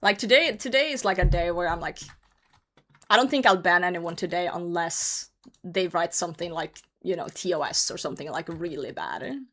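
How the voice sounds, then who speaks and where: A woman's voice: lowish voice, moderate pace, fairly bright tone. A woman streaming a game, chatting casually with her chat, teasing viewers, laughing often and swearing freely. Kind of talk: casual livestream chat while gaming.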